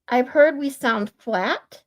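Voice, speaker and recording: Livestream co-host: a woman with a Michigan accent, a fairly high nasal voice, a loose chatty delivery that often restarts. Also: slow. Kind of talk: casual chat.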